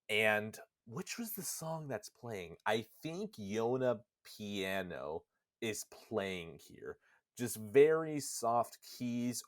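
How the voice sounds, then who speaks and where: A man's voice: medium pitch, no echo, studio quality. A man co-hosting a podcast, animatedly retelling a video game's story, swearing casually and slipping into character voices. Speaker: podcast co-host. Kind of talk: casual retelling of a game plot.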